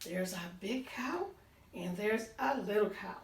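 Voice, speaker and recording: A woman reading a picture book aloud to children, pausing to point out pictures and count along. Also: medium pitch. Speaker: storytime reader. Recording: roomy sound, voice distant from the mic.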